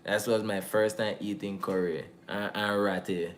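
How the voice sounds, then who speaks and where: A man's voice: fairly low pitch, fairly even intonation, moderate pace, a little hiss or hum. A young man from Nicaragua, hosting a casual, rambling, slang-heavy chat. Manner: laid-back, slangy, rambling with many fillers. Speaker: host.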